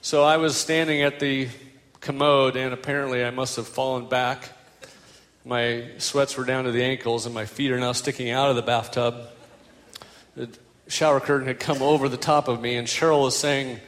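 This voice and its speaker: A man's voice: mid-range voice, steady tone, a little slow, pauses often, fairly bright tone, big-room sound. An older man preaching a sermon as a pastor, telling stories with self-deprecating humor.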